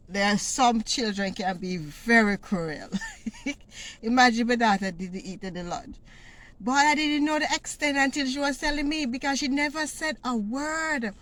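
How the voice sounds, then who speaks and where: A middle-aged woman telling a story in a vlog, animated and often laughing as she talks. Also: on the high side. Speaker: vlogger.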